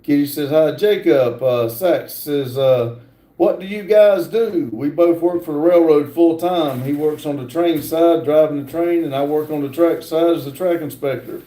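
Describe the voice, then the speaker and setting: A man hosting a casual livestream, reading viewer comments aloud in a halting drawl from a garage workshop. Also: fairly high pitch, warm tone, echoey room, rough recording. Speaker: livestream host reading chat.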